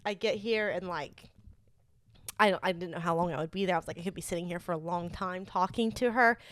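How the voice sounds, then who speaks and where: A woman's voice: lowish voice, brisk, a bit bright, a little hiss or hum. A young woman co-hosting a podcast, telling a personal story in casual chat, earnest and full of "like" fillers. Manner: chatty, many "like" fillers, earnest. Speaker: podcast co-host.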